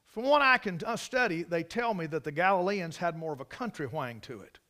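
Bright and forceful, his slightly high voice moves a little fast with lively intonation. He's a Carolina Southern man preaching a folksy sermon at church, drawling, storytelling, and adding emphatic asides for the congregation.

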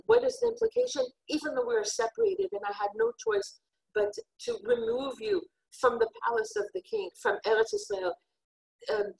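A woman's voice: very high-pitched, vocal fry, rough recording. A woman giving an earnest, heartfelt religious lesson on scripture. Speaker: Torah teacher.

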